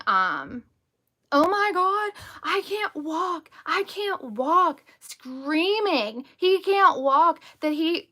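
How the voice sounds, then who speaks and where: A woman with a bright, higher-pitched voice hosts a casual live stream. She talks bluntly and defiantly, leaning on "like" and stressing her words hard. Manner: heavy use of "like" and "over the top". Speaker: host and stepmother.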